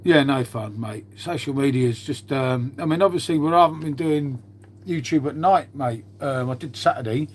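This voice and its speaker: In a mid-range voice at a moderate pace, with a little hiss or hum, a middle-aged man chats loosely to viewers of his live stream. He calls them all mate and muses to himself as he tidies.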